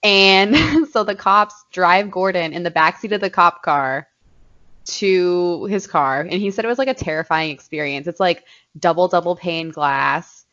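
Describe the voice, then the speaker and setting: Young woman chatting on a podcast, lowish voice, swears a lot, kinda dull lo-fi sound. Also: a little slow, fairly bright tone. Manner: casual, profane, laughs often. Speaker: podcast co-host. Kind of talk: casual chat, storytelling.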